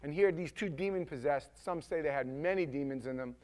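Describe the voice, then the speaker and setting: A male preacher giving a casual, emphatic sermon that swings from loud to hushed. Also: a little high, brisk.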